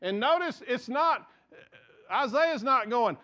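A man's voice: high voice, lively intonation, unhurried, a bit bright, highs cut off. A man, a pastor in his forties, preaching a sermon earnestly and often repeating words as he builds his points.

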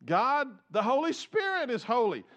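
A man's voice: very high voice, huge pitch swings, moderate pace, a bit bright. A male pastor preaching a conversational, jokey sermon and asking his congregation questions.

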